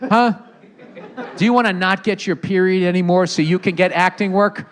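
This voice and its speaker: This comedian hosts his podcast live on stage, doing crowd work and trading sarcastic, profane jokes with the audience. He speaks in a high-pitched voice at a moderate pace.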